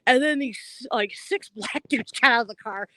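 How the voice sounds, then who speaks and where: A woman guest chats loosely, laughing often and filling her sentences with likes and ums. Her voice sits slightly high and the sound is dry, with no room around it. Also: moderate pace, bright, forceful tone, no echo. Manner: chatty, laughs often, lots of fillers. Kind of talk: casual conversation.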